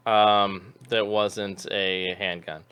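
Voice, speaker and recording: Casting: middle-aged male co-host, smooth resonant voice, rambling and self-correcting, casual movie chat. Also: on the low side, level tone, very slow, a bit bright. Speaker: podcast co-host.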